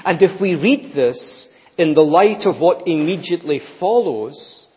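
Slow, emphatic male preacher in a hall. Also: a little high, expressive, a little mellow. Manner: emphatic, rhetorical, repeats key phrases. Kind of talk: sermon. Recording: long reverb, slightly dull sound.

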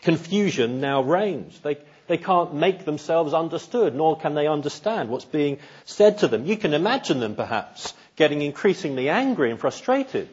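A man preaching a sermon, animated and acting out quoted voices, at times dropping to hushed tones. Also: on the high side, moderate pace, few pauses, slightly rough, dull audio.

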